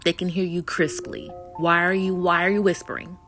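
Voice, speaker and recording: A woman with a low voice gives true crime commentary in a blunt, exasperated way. She asks question after question. Music plays clearly behind her. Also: level tone, normal speed. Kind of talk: casual commentary.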